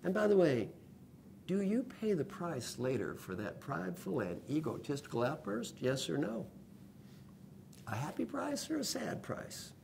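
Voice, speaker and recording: An older man delivering a coaching talk. His pitch rises and falls a great deal as he acts out the people in his stories. A faint rumble sits under the recording. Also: measured pace, gravelly. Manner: animated storyteller who acts out quoted voices. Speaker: executive coach. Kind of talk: lecture-style video blog.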